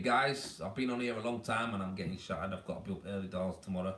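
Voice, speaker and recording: Chatty Leeds man, low voice, echoey room. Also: fairly even intonation, fast, hardly any pauses, a bit bright. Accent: Leeds Yorkshire. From Leeds, England. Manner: chatty, blunt, down-to-earth, full of "mate" and "man". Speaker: tradesman hosting a weekly live Q&A stream. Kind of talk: casual live-stream chat giving advice. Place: baby's room at home.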